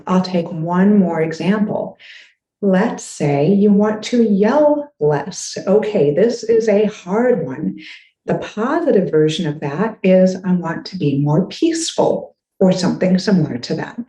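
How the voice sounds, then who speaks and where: A woman's voice: medium pitch, lively intonation, unhurried, warm tone, roomy sound, low-quality recording. A woman parenting coach giving encouraging advice straight to the listener. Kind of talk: direct-to-camera advice talk.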